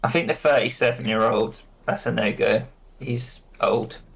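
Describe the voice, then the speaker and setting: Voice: medium pitch, normal speed, vocal fry, breathy edge. A player in a tabletop role-playing game, talking in a laid-back way.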